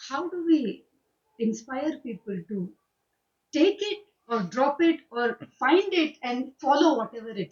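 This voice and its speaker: A woman's voice: high-pitched, a little mellow, far from the mic. Earnest woman asking a long question. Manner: hesitant, then earnest and pressing. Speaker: audience member asking a question. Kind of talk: casual discussion. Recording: dull lo-fi recording.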